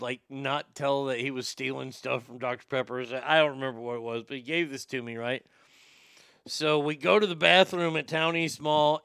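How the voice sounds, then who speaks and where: A talk show host from Texas tells a story in a blunt, laid-back way, with a gravelly, crisp voice set a little high for a man. His swearing keeps it casual, and the sound is dry and close. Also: sharp tone, no echo.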